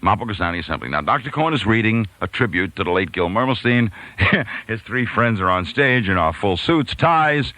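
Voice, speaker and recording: Deep-voiced man telling a lively story. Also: a little fast, poor audio. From New York. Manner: animated storyteller, acts out voices, laughs mid-story. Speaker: radio host telling a story. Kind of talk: storytelling monologue.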